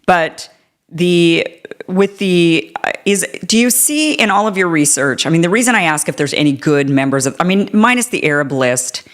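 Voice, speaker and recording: Low-voiced woman host, casual and rambling. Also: expressive, normal speed. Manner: casual, rambling, with many "I mean" and "like" fillers. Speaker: show host. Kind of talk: political interview.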